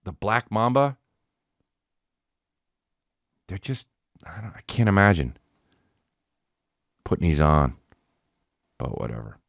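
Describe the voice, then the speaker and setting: A man's voice: low voice, measured pace, gravelly, no room sound, studio quality. A man hosting a podcast, ranting in a loose, profane, rambling comedic way. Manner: rambling, profane, animated, breaks into sung snippets. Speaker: podcast host. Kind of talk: casual comedic rant.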